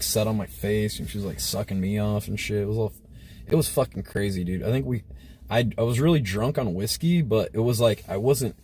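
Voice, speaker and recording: A man's voice: on the low side, mellow, a little hiss or hum. A man hosting a livestream, telling a crude story in a rambling, casual way with lots of filler words. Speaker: livestream host. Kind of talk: casual storytelling to a live chat.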